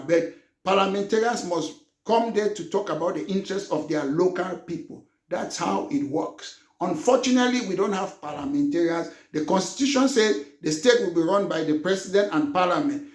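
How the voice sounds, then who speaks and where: A man with a high voice delivers a political broadcast as a party leader. He talks in an emphatic, combative way and rises to shouting. The recording has an echoey room sound. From Cameroon.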